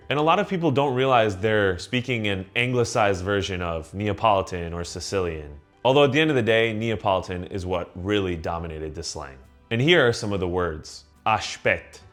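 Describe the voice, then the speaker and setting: A man, narrating a scripted lesson on word origins in a clear, measured way. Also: fairly low pitch, a bit bright. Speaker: channel host explaining word origins.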